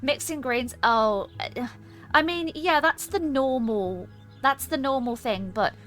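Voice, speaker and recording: A woman streamer talking casually over her gameplay. Her voice sits a bit high, and she teases, jokes and chats to viewers in a playful, giggly way. Game music plays faintly behind. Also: slow pace, fairly bright tone. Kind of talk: casual gaming stream chat.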